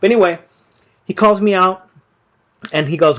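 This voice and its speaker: A man's voice: high-pitched, normal speed. Rambling, profane man telling a fight story. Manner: rambling, profane, lots of fillers. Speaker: boxing stream host. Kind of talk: casual storytelling during live fight commentary.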